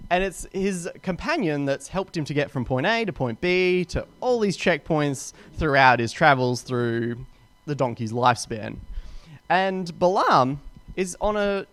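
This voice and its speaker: Man, pastor, casual Bible storytelling, very lively pitch, dry sound. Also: dry recording. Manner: animated, chatty storytelling with quick put-on voices.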